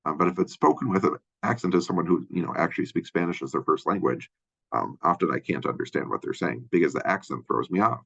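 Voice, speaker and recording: A man from Minnesota with a Minnesotan accent and a deep voice, giving a casual college lecture full of fillers and restarts. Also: expressive, fast, gravelly, a bit bright, breathy edge, dull audio. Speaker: college instructor. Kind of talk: lecture overview of a textbook chapter.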